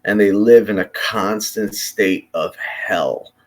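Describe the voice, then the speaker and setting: A man's voice: fairly low pitch, slow pace. A man from Chicago delivering an unscripted, impassioned monologue, blunt and profane, often breaking off and restarting his sentences. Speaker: commentator.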